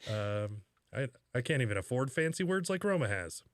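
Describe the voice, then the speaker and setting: A man's voice: medium pitch, sing-song, moderate pace, no echo. A man riffs sarcastically through a comedy podcast chat, full of mock outrage and laughter. His voice sits in a mid range and is recorded close and dry. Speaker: podcast co-host.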